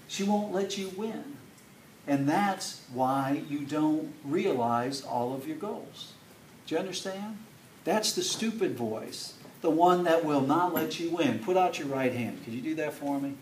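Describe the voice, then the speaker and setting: A man from Chicago telling an animated story and coaxing a live class to join in as a motivational speaker. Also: fairly high pitch, a little slow, a little hiss or hum. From Chicago, USA. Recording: roomy sound from a distant mic.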